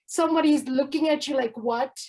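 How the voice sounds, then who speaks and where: Brash, rambling woman comic from India, high voice, swears freely. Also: normal speed, poor audio. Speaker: open mic comedian. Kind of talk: stand-up comedy rant.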